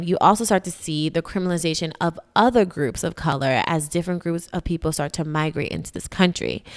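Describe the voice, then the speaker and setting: A woman hosting a podcast, explaining history in a conversational, emphatic way and often checking in with her listeners. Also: lowish voice. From United States. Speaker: podcast host.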